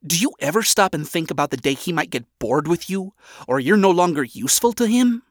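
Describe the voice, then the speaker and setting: A man voicing a blunt, skeptical woman who lectures her friend in a measured way. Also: on the high side, expressive, no echo, studio quality, voice pushed up, lightly acted. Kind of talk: audiobook character voice.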